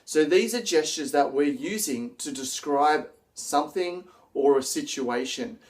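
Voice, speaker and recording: A man presenting an instructional video on public speaking, energetic and acting out example lines as he explains. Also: medium pitch.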